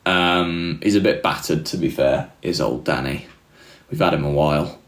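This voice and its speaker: A man's voice: very deep voice, normal speed, a bit bright, reverberant. A young man hosting a livestream, chatting casually and rambling through self-deprecating stories with laughs. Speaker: livestream host. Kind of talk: casual chat reading live comments.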